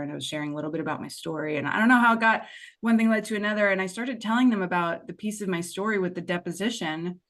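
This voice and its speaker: Woman guest on a podcast, kinda low voice, chatty and open, rambles through her story and acts out her own lines. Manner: expressive, digressive storyteller who acts out her past self. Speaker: podcast guest, money mindset and tapping coach. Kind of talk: candid conversational storytelling.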